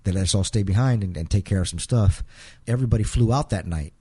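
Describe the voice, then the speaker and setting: A middle-aged man as an interview guest, telling an emotional personal story in a halting way, repeating words and acting out quotes. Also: fairly low pitch, dark tone, breathy edge.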